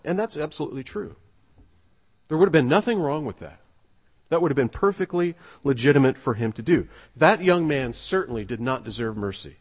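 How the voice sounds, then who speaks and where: A man's voice: mid-range voice, lively intonation, brisk. A man preaching a sermon in a conversational, earnest way, telling a story with occasional fillers. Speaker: pastor. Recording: long reverb of a large hall.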